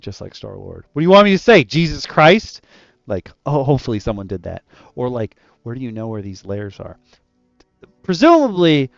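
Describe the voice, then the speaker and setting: A man chatting casually about running tabletop adventures, animated and loose, with lots of "like" in his talk. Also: medium pitch, dry recording, highs cut off. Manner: animated and loose, heavy use of "like". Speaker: dungeon master discussing adventure design. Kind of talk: casual roundtable chat.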